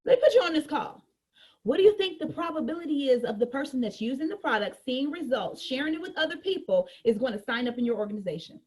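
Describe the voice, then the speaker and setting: A woman gives a sales training talk in a colloquial, animated style, addressing her audience directly and acting out customer conversations. Her voice is high-pitched and slightly rough, and she speaks fast with few pauses.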